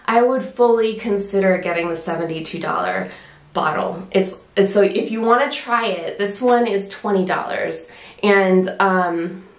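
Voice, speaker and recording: A woman's voice: medium pitch, reverberant. A woman chatting casually through a beauty product review, a little winded, with many fillers and restarts. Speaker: beauty vlogger.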